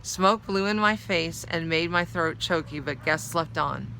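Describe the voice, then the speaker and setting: A woman's voice: lowish voice, a little slow, gravelly, pushed and bright, a little hiss or hum. A woman reading a novel aloud, narrating steadily in the first person. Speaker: storyteller.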